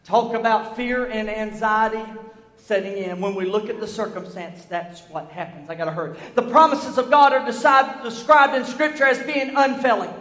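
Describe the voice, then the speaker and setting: A middle-aged man, preaching a sermon in a church, building from storytelling to fervent shouts. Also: sits high, moderate pace. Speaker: pastor. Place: church sanctuary. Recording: echoey church hall.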